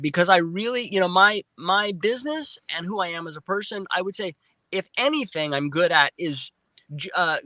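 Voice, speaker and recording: A male guest on a live interview recounting a personal experience in animated storytelling, restarting and repeating words often and acting out his own remembered speech. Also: high voice, no room sound, low-quality recording. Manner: excited retelling with frequent restarts and repeated words; acts out his own past speech in quotes. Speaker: guest, film producer.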